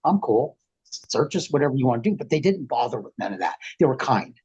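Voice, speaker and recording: A middle-aged man on a podcast, rambling through an animated, slangy story and acting out what people said. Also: mid-range voice, a little fast, slightly rough, dull audio. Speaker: podcast guest. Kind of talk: casual storytelling.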